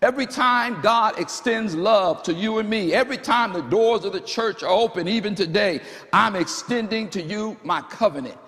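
A male pastor with a high voice preaches with fervor, stacking up repeated phrases. His sermon rings through a church with a long, hanging reverb. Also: moderate pace, few pauses, fairly bright tone. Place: church service.

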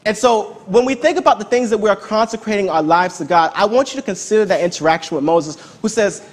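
A man's voice: sits high, animated, fast, few pauses. A man preaching a sermon in a conversational, emphatic way, often repeating key words.

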